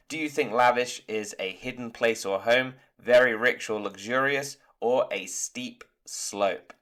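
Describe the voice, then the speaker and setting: A man's voice: on the low side, sharp tone. Upbeat man teaching an English lesson. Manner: upbeat, encouraging, explains patiently. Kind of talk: online vocabulary lesson. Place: lives in Turkey.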